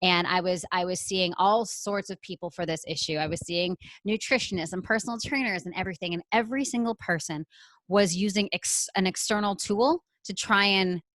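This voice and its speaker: A woman from Canada, a podcast guest telling a personal story in a lively way and acting out what she said back then. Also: on the low side, fairly quick, no echo, rough recording. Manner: animated, acts out her own past lines. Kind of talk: storytelling interview answer.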